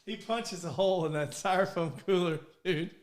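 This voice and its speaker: High-voiced joking podcast co-host man. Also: moderate pace. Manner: laughs often, acts out quoted lines. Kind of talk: casual storytelling chat.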